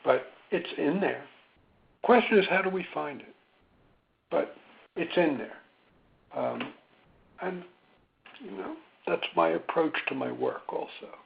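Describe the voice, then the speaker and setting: A man speaking as a psychologist in a webinar, gentle and reflective, with many ums and pauses. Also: a little high, expressive, vocal fry, a little hiss or hum. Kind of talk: slow, thoughtful webinar talk. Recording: tinny phone-line sound.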